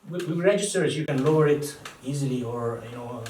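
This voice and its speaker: A man with an Italian accent, a native Italian speaker, talks as a guest translator in a live public conversation, thoughtful and animated with many restarts. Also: mid-range voice, fairly quick. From Italy. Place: event room before an audience. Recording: echoey room, distant mic, faint noise.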